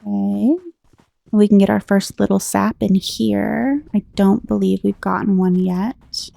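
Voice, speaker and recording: Woman, American accent, relaxed rambling game commentary, very fry-heavy, dry close sound. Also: medium pitch, measured pace, dry recording. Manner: chatty, rambling, reads game text aloud. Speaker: gameplay commentator.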